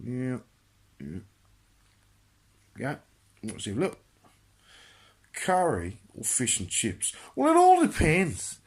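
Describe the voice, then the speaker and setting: A man's voice: medium pitch, huge pitch swings, slow pace, pauses often. A man with an Australian accent hosting a crude comic monologue, answering viewer questions in a brash, boisterous way and laughing at his own jokes.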